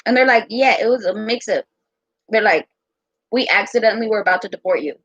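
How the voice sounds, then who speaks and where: A young American woman telling a personal story in a casual, profane, animated way. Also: medium pitch, a little fast, slightly rough, no echo. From United States. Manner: profane, animated, quotes others in her own voice. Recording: dull lo-fi sound.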